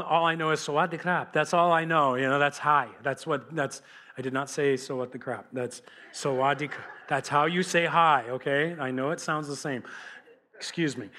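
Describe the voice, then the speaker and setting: A man preaching as a pastor, animated and conversational, speaking straight to his congregation. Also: on the high side. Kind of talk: sermon.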